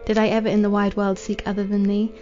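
A woman voicing a tender, resigned noble wife in a storybook reading, speaking softly in formal, old-fashioned words. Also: mid-range voice, monotone, quick pace, close to an everyday voice. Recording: dull lo-fi with faint music.

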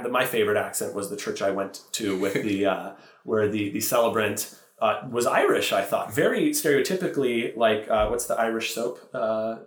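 A male priest and teacher speaking earnestly in a podcast interview, often correcting himself as he goes. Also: on the low side. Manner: thoughtful, earnest, with self-corrections. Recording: roomy echo.

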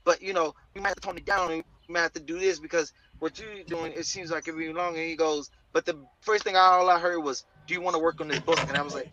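A man guest on a comics interview show, telling an excitable, animated story and acting out the voices in it. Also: a little high, fast, few pauses, highs cut off, crowd noise. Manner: excitable, acts out quoted voices.

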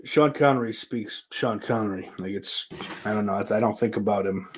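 A man's voice: fairly low pitch, fairly quick, slightly rough. A man hosting his own show, talking in a loose, rambling, profanity-heavy monologue. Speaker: podcast host.

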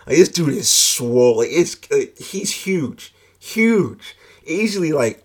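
A man's voice: mid-range voice, a little mellow. A man telling a personal story in a casual, rambling way, full of filler words and swearing.

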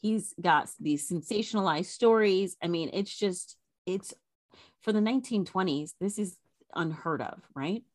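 A woman co-hosting a podcast, telling an old scandal story in a casual, animated way. Her voice sits a little low. The sound is dry and close, with no room echo. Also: unhurried. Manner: animated retelling of a scandal, chatty asides. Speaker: podcast co-host.

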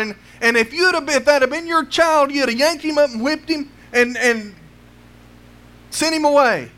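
High-voiced male preacher pressing rhetorical questions. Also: moderate pace, bright, forceful tone. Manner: pleading rhetorical questions, repeats words as he builds. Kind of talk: sermon.

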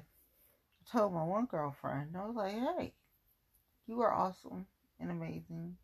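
Sorting through her belongings at home, this Cincinnati-area woman speaks in a fairly low, creaky, husky voice, animated but a little slow. Her casual vlog rambles along with self-mockery and exasperated rhetorical questions.

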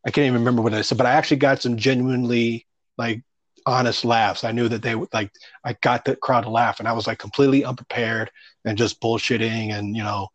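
A man's voice: medium pitch, a bit bright, dry recording. A man who does stand-up comedy, telling stories about his start in a loose, rambling way, full of fillers and casual swearing. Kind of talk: casual storytelling interview.

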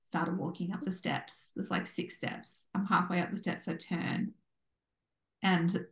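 A woman co-hosting a podcast, telling a story in a bubbly, animated way and acting out what people said. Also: lowish voice, a little slow, vocal fry. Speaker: podcast co-host. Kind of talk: casual chat. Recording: echoey room.

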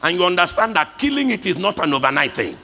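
A man's voice: high-pitched, big pitch swings, quick pace, pushed and bright. A male pastor preaching a sermon, emphatic, calling out to the congregation for responses. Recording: long hall reverb.

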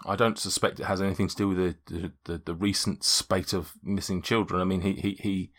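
Man reading a flustered farmer in his fifties, plain unaccented delivery, stammering repeats, lowish voice. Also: flat delivery, a little fast, fairly bright tone. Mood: matter-of-fact. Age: 50s. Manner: stumbling, repeats words, fumbles phrases. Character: plain middle-aged male farmer, flustered.

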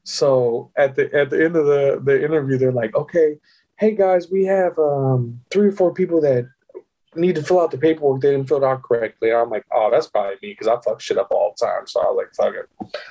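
Speaking quickly in a mid-range voice, a middle-aged male guest tells a casual story full of profanity on a low-quality recording. He stays animated throughout, performing the quoted voices of the characters involved.

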